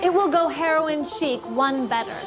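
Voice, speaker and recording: A woman's voice: high voice, moderate pace, close to an everyday voice. An actress playing a scheming woman magazine editor giving a smug, theatrical presentation in a film clip. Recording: film clip with clear music behind.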